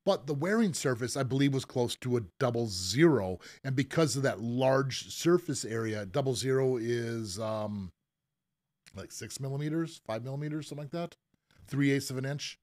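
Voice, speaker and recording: Man, podcast host, easygoing, rambling, hiccups, mid-pitched voice. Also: animated, moderate pace, darkish tone. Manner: easygoing, rambling with fillers and restarts. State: has the hiccups. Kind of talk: casual podcast chat.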